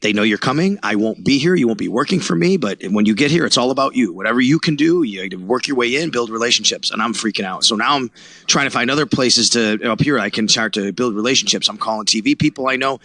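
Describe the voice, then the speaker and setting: A man in his forties tells his story at a quick clip, with a gravelly, bright edge to his voice. He acts out the other people in the story and keeps the telling lively. The sound is dry and close. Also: mid-range voice, no echo. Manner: animated storyteller who acts out quotes, laughs. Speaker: guest, sports radio reporter. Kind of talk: storytelling interview.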